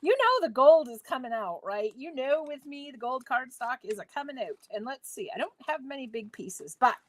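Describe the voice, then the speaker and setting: A woman's voice: high voice, big pitch swings, moderate pace. A woman hosting a live crafting tutorial from her home craft space, chatting playfully with viewers as she works. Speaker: craft demo host.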